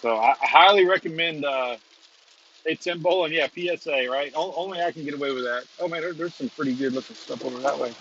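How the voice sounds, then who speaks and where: This storm-chasing stream host talks fast in a fairly high, fairly bright voice as he rambles and chuckles from his moving car. The recording is muffled, with a bit of hiss or hum.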